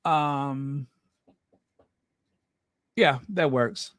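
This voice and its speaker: Slow-talking sarcastic man, dry close mic. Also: medium pitch, a bit bright, no room sound. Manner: chatty, sarcastic asides to viewers. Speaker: royal commentary channel host. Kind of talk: casual commentary reading news aloud.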